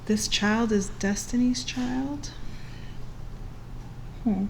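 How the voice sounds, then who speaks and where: A woman's voice: on the high side, very slow, creaky, slight background noise, poor audio. A woman giving a casual tarot reading, playful and chatty, laughing often and singing along to songs between her remarks. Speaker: tarot reader.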